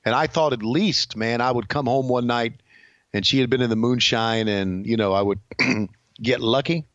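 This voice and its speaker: A man's voice: medium pitch, moderate pace, a bit bright, dry recording. A man co-hosting a podcast in casual chat, telling stories in a laid-back, dry-humored way, on a dull lo-fi recording. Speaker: podcast co-host. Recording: dull lo-fi sound.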